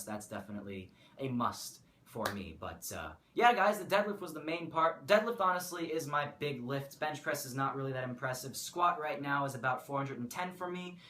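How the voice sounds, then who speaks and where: A man's voice: mid-range voice, pushed and bright. A teenage boy from the United States chatting casually in a vlog, rambling and correcting himself as he goes. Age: teens. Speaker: vlogger. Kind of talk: casual talking-head vlog. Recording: echoey room, faint room noise.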